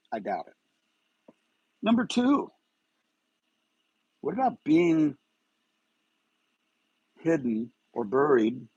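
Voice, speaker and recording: A man's voice: mid-range voice, husky, no room sound, poor audio. A man hosting a live stream of true-crime commentary, agitated and firing rhetorical questions.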